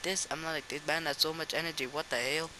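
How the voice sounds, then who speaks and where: A young man giving rambling, excitable comic voice-over narration about a backyard wrestling match, often stumbling and restarting. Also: fairly high pitch, brisk, background noise.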